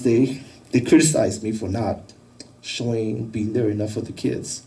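A man giving a personal testimony, telling his story in a halting, emotional way with many restarts. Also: mid-range voice, steady tone, vocal fry, warm tone, far from the mic, rough recording. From United States. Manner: halting, repeats words, emotional.

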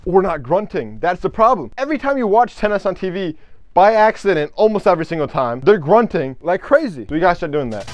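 Excitable young man yelling at a game. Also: high voice, a little fast, highs cut off. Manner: loud, excitable, swears, yells at the game. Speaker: gaming YouTuber. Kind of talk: gameplay commentary.

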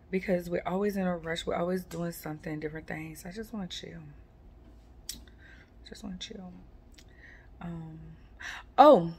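A woman, chatting casually to her viewers in a rambling, relaxed way with lots of fillers. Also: on the low side, vocal fry, slight background noise. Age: 40s. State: sleepy, yawning. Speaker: vlogger. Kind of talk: casual chat to camera.

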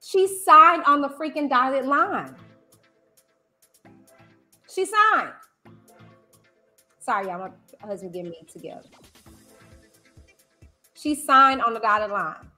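A woman YouTuber hosting a livestream commentary, talking in an animated, emphatic way and repeating phrases. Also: high voice, takes it slowly, long pauses, faint music behind. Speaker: YouTuber host.

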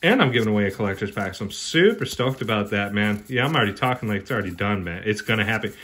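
A man hosting his own card-opening channel, chatting casually and excitedly with viewers, joking and calling them brother and man. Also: fairly low pitch, fast talker. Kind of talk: casual unboxing commentary.

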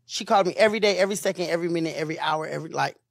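A man speaks as a guest in a studio interview, emotional and animated, with religious exclamations. The sound is dry and close. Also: a little high, very fast, vocal fry, dry recording.

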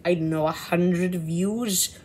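A woman's voice: fairly low pitch, fairly even intonation, takes it slowly, a little mellow, husky. A woman giving casual, exasperated reaction commentary, laughing and swearing freely. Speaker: video reactor.

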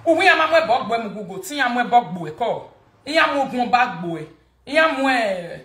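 Animated Nigerian woman gossiping in an echoey room. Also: on the high side, moderate pace. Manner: animated, mocking, repeats words for emphasis. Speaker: gossip vlogger. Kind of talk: casual gossip commentary.

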